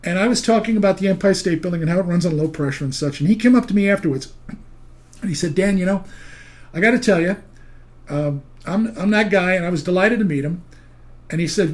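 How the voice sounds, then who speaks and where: An older man teaching a recorded seminar on steam heating speaks fast in a high-pitched voice. He tells folksy stories and cracks wry jokes to his audience.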